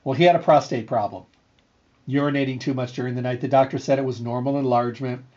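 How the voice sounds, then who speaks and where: A man's voice: medium pitch, quick pace. Earnest middle-aged man telling a story. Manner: earnest, repetitive, animated storyteller. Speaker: radio show host and health food store owner. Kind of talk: casual storytelling monologue. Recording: slightly dull, lo-fi sound.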